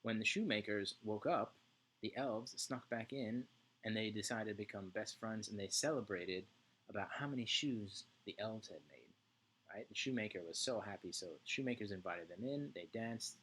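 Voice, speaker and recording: A man's voice: fairly low pitch, normal speed, a bit bright, slight background noise. A male music teacher giving an online lesson to young children, chanting rhythm syllables and checking in often with "right?".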